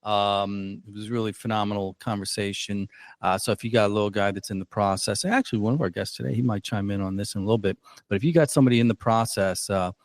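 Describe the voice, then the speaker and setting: A man's voice: lowish voice, fast, dry recording. Rambling, self-deprecating male podcast host. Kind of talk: casual podcast chat.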